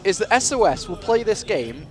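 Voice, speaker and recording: A British man casting a live strategy game match, lively and self-deprecating, sometimes correcting himself. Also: high-pitched, moderate pace, faint music behind. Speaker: esports commentator.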